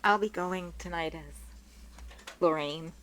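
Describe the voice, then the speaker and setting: A woman's voice: on the low side, slow pace. A woman on a town committee bantering playfully with colleagues before an interview. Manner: playful, teasing. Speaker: committee member and timekeeper. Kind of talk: casual banter at a public meeting.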